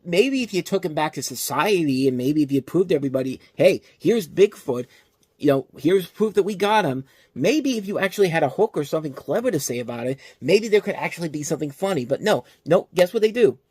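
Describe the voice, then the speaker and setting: A man hosting a movie review show, ranting in an exasperated, animated way with frequent restarts. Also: a little high, quick pace, few pauses, husky, no room sound.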